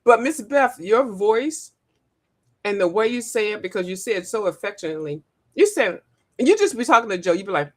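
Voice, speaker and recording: A woman hosting a casual livestream, animated, laughing often and breaking into sung and mimicked lines. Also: medium pitch, a little fast. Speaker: livestream host. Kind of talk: casual live chat.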